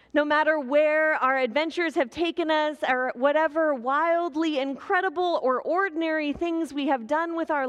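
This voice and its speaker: Slow, gentle woman preaching a sermon. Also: high voice, long reverb tail.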